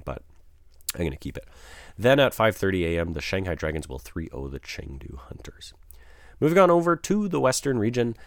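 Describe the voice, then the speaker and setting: A man's voice: on the low side, no room sound, clean studio sound. A man talking through his esports match predictions in a casual, conversational way, thinking aloud and changing his picks as he goes. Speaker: esports commentator.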